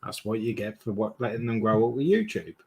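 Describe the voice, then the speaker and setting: A man's voice: fairly low pitch, sing-song, fairly quick. A man co-hosting a casual livestream, chiming in with short, blunt, dry quips. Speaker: co-host. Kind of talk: casual chat.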